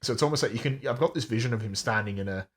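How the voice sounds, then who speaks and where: A man's voice: medium pitch, very fast. A man co-hosting a book podcast, speaking in a thoughtful, hesitant way and often repeating words. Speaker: podcast co-host. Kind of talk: casual book discussion.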